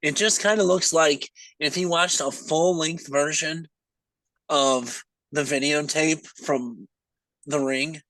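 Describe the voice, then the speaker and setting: A man's voice: fairly high pitch, slow, fairly bright tone, no room sound, rough recording. A man co-hosting a podcast in casual chat, laid-back, mostly giving short agreeing replies. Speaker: podcast co-host.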